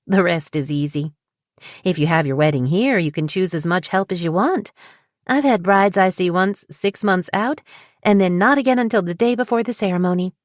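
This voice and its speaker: A woman's voice: fairly low pitch, no room sound, clean studio sound, natural voice. A woman voicing a petite, bubbly wedding planner with a southern drawl who is eager to please. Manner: upbeat, chatty, eager to please.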